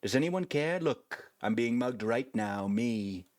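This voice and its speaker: A man's voice: medium pitch, lively intonation, takes it slowly, dry recording, voice pushed up. A man putting on an impression of a brash, bragging older politician with boastful, repetitive "okay?" tags while playing a video game. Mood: indignant.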